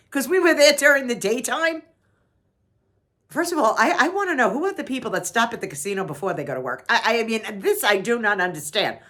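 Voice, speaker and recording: A woman's voice: medium pitch, bright, forceful tone. A middle-aged woman from New York, telling a funny story to her channel in a chatty way and laughing often. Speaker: vlogger. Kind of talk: casual storytelling.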